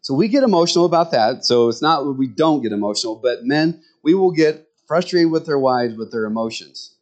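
A middle-aged man preaching a sermon in a folksy, conversational way, full of rambling asides, jumping up in pitch when he acts out what others say. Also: expressive, brisk, darkish tone. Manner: jumps to high pitch when acting out others' words. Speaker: pastor.

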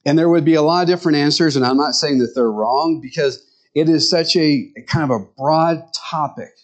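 A man's voice: on the high side, brisk. A man preaching a Sunday sermon, animatedly acting out the voices of the people in the scriptures he reads. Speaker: pastor.

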